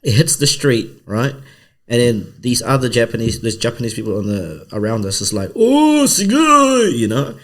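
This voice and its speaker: His voice sits on the low side and moves a little quickly as he tells a story on the podcast he co-hosts. The comedian is animated throughout, voicing the other characters himself in casual banter.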